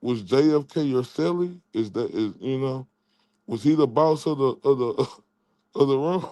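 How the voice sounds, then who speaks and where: A man's voice: medium pitch, moderate pace, mellow, dry recording. A man hosting his own stream, taunting and mocking someone in a trash-talking rant, often stammering and repeating words. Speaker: channel host.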